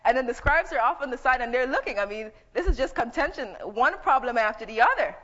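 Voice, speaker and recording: A woman's voice: fairly high pitch, animated, fast, fairly bright tone. A woman preaching a sermon, teaching conversationally and reading scripture aloud. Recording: dull echoey hall.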